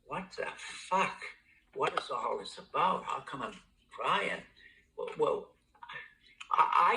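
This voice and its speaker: An older man tells his story at a recovery meeting in a bright, forceful voice, cursing freely and stumbling over repeated words. The sound carries the echo of a room. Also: medium pitch. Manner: blunt, heavy swearing, repeats and stammers. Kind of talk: personal testimony talk.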